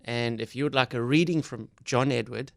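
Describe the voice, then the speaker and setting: A man's voice: medium pitch, normal speed, gravelly, no echo. A man hosting a morning radio show, announcing in an upbeat way. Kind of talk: breakfast radio chat. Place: radio studio.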